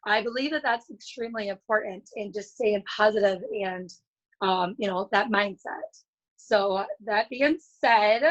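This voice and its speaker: An earnest, chatty woman giving a casual motivational talk as a guest speaker over a video call, with lots of fillers and restarts. Her voice sits a little high. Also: a bit bright, low-quality recording.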